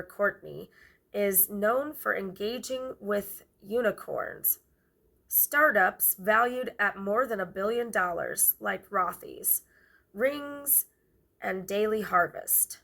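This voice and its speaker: A woman reads a book aloud in an amateur, unpolished way, taking it slowly. Her voice is bright with a gravelly edge. She stumbles over words and goes back to correct herself. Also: medium pitch. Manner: halting reading with stumbles and self-corrections. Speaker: vlogger reading a memoir aloud.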